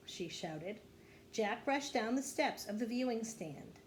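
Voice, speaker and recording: A woman, a kindergarten teacher, reading a children's chapter book aloud with expressive storytelling. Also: takes it slowly, a little hiss or hum. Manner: expressive storytelling, dropping low after quotes.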